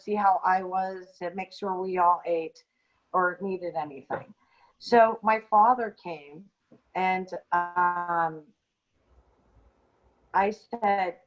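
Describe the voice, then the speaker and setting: A woman co-hosting a podcast, telling a personal story in an unscripted, halting way with frequent ums and restarts. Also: on the low side. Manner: hesitant, many ums and restarts. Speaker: podcast co-host. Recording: dull lo-fi audio.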